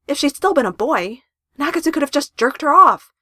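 A woman reading a story aloud in an expressive narration style with emphatic rises. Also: high voice, brisk, dry recording, studio quality.

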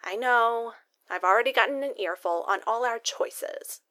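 A woman's voice: a little high, normal speed, a bit bright, lightly acted. A bubbly, teasing younger sister who chatters along in an upbeat way, voiced by a woman reading a story aloud. Her lines come across light and breezy in this audiobook reading. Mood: chatty.

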